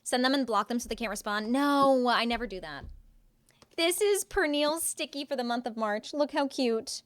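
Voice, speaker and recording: A woman's voice: on the high side, normal speed, dry recording. A young woman live streaming from home, chatting casually with her viewers and answering their chat with playful sarcasm.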